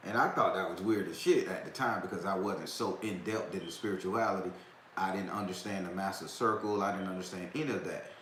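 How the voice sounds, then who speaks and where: A man's voice: low voice, a little fast, fairly bright tone. A man casually telling a long personal story to his viewers, rambling with restarts and slang. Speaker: host of a talk stream. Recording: echoey room with faint background noise.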